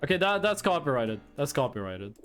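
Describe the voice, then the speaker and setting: A man's voice: fairly high pitch, big pitch swings, brisk, fairly bright tone, faint music behind. A man from Norway with a Norwegian accent, chatting casually on a live stream, laughing, swearing and rambling as he reacts to clips.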